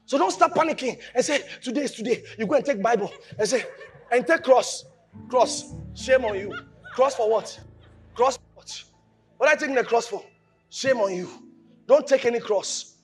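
A man preaching a sermon, animated, shouting at times, mimicking voices and laughing. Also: extremely high pitch, moderate pace, faint music behind. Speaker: pastor.

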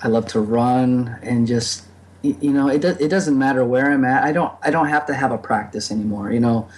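A man's voice: mid-range voice, fairly quick, a little mellow. A man speaking reflectively in a casual podcast conversation, with many fillers and restarts. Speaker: podcast guest.

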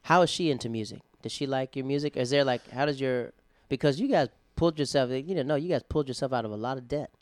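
Fast-talking Southern man, dry close mic. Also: mid-range voice, no room sound. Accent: Southern American. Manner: animated storyteller, acts out quotes. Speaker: podcast host, comedian. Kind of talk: casual chat.

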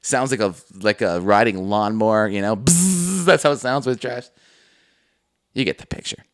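A young man co-hosts a podcast, speaking in a fairly low, smooth voice at a moderate pace. In casual chat he tells stories, swears freely, and acts out what people said with animated energy.

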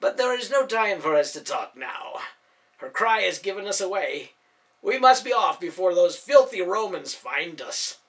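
A man voicing a gruff, commanding older man in a storybook reading, with old-fashioned formal speech. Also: high-pitched, sing-song, moderate pace, a bit bright, voice pushed up, heavily acted. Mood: stern. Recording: voice from a distance off mic.

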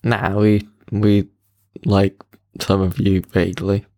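A man's voice: fairly low pitch, level tone, slow, vocal fry, warm tone. A young man from England co-hosting a podcast, musing hesitantly with dry, self-deprecating humor. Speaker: podcast co-host. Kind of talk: casual podcast chat.

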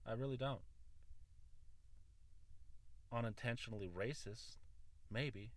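A man's voice: mid-range voice, normal speed, no echo. A young man hosting a solo podcast, rambling and self-mocking, swearing often into a close mic. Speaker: podcast host.

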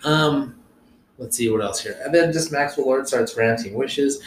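A man in a relaxed podcast chat, rambling along and cursing casually as he walks through scenes. His voice sits at a middle pitch. The room echoes around him over a faint hiss. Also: normal speed. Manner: relaxed, rambling, swears freely. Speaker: podcast co-host. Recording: roomy echo with faint noise.

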